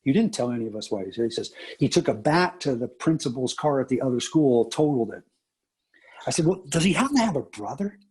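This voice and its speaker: A middle-aged teacher and coach tells stories in a casual interview, speaking quickly with a breathy edge. He's animated, acting out the people he quotes with big jumps in pitch.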